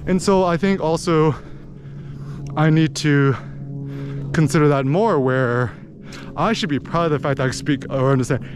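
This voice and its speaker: An American man talking in a rambling, animated way as he vlogs outdoors in a village, with lots of fillers. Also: fairly high pitch, normal speed, pauses often, over music. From United States. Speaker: vlogger. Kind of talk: casual walking vlog monologue.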